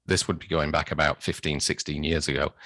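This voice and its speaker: A British man, a podcast guest, telling anecdotes in a casual, animated way. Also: rumbling low, a little fast, no echo. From Britain. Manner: animated storyteller, acts out his own excitement. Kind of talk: casual storytelling chat.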